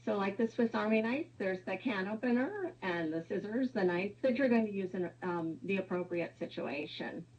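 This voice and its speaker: A woman's voice: medium pitch, animated, normal speed, few pauses, darkish tone, breathy edge, muffled recording. A woman presenting a webinar, explaining step by step with some fillers.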